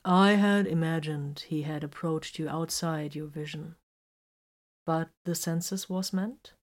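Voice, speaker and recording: A woman voicing a kind, earnest male captain who speaks formally, softly and slowly. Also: low voice, fairly even intonation. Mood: gentle. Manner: soft-spoken and slow.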